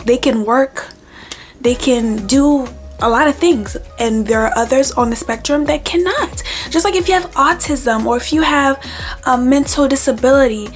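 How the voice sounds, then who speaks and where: A woman with a fairly high voice talks straight to her viewers in a casual storytime vlog. She is animated and acts out the quoted lines of the exchange she describes. Music plays faintly underneath. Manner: animated, retells arguments with quoted back-and-forth. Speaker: vlogger.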